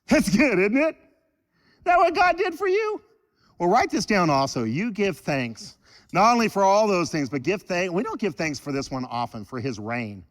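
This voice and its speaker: A man preaching a sermon in church, animated and joking with the congregation. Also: high-pitched, normal speed, big-room sound. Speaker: pastor.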